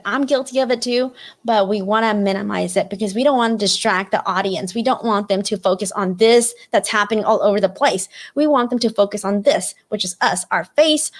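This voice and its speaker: A woman's voice: medium pitch, brisk. A woman hosting a live career webinar over a video call, talking casually with lots of fillers and frequent "right?" checks. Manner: chatty, many fillers like "like" and "you know", frequent "right?" tag questions. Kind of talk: casual instructive webinar talk.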